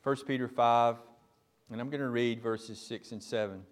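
A male pastor preaching a sermon, speaking directly to the congregation and building from quiet teaching to loud, emphatic preaching. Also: mid-range voice, fairly even intonation, moderate pace.

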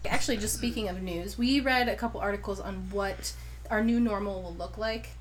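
A woman's voice: mid-range voice, a little fast, a little hiss or hum. A woman co-hosting a casual chat, asking questions and backing up her guest with frequent yeahs. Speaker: podcast co-host. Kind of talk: casual conversation.

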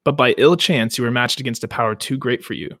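Man putting on a calm elven queen, gentle, consoling, dry close sound. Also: mid-range voice, quick pace, dry recording, natural voice. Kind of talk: casual paraphrase in a podcast.

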